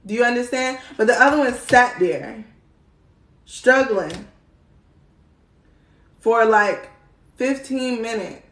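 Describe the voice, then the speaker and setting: A woman's voice: on the high side, animated, slow, long pauses, a bit bright. A young woman, chatting casually on a live stream, slangy and swearing freely, laughing often. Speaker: spiritual livestream host. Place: indoor room, live stream. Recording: roomy echo.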